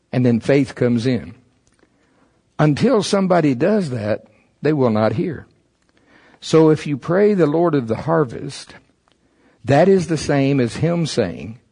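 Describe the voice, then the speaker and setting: A man with a highish, darkish voice preaches a sermon, reading aloud from a text and pausing to comment on it. He rises emphatically on key words.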